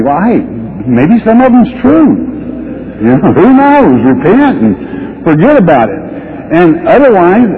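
A man preaching a Bible lesson, reading scripture slowly then breaking into folksy, joking asides. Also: on the high side, a little hiss or hum. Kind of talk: folksy radio Bible teaching. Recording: tinny phone-like radio broadcast.

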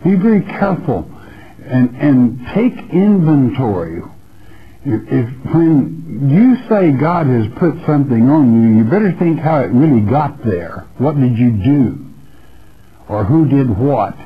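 A man's voice: mid-range voice, very animated, a little slow, phone-quality sound. A man teaching the Bible verse by verse on a radio broadcast, earnest and repetitive, calling the listener his friend. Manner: earnest, repeats phrases, addresses listener as friend. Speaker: preacher.

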